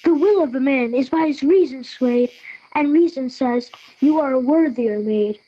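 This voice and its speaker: A woman's voice: high-pitched, dark tone, dull audio. A teenage girl voicing an ardent, lovesick young nobleman, reading verse in a school audio play. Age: teens. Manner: earnest measured verse reading. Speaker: student actor.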